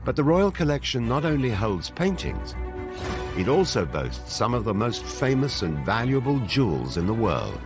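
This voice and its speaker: A man narrating a documentary in a measured, dramatic scripted delivery. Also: mid-range voice, big pitch swings. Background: music.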